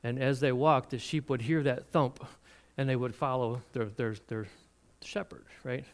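A man preaching a sermon, retelling a Bible story in an animated way with laughs and restarts. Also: mid-range voice, moderate pace.

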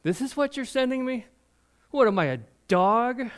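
A man's voice: extremely high pitch, lively intonation, normal speed, a bit bright, voice pushed up. A man voicing a boastful, scornful giant warrior who mocks his small opponent. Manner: mocking, incredulous.

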